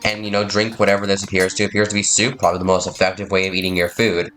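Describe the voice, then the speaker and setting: A man's voice: deep voice, little pitch movement, racing, fairly bright tone, faint music behind. A man playing a story game, reading its text aloud and commenting in a rambling, self-deprecating way. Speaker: game player. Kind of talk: let's play narration, reading and commenting.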